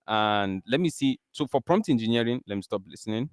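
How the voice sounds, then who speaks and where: A man from Nigeria with a Nigerian accent, presenting a live software demo in a casual, chatty way with plenty of fillers. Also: mid-range voice, animated, fairly quick, no echo, studio quality. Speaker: tech presenter.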